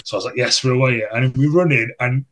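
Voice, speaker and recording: A man's voice: medium pitch, steady tone, fast, fairly bright tone. Laughing man reminiscing on a podcast. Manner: rambling reminiscing, laughs often, swears. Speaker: podcast host, former teammate. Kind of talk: casual podcast chat.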